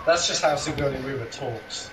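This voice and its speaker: A man's voice: medium pitch, unhurried. A man co-hosting a podcast in casual chat, teasing and laughing along. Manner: teasing, laughing, quoting films. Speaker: podcast co-host. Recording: noisy background.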